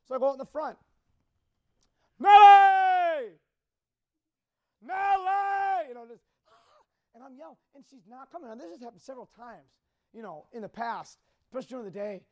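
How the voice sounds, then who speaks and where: A man speaking to a group, telling a personal story in a rambling, halting, emotional way. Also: very high voice, darkish tone.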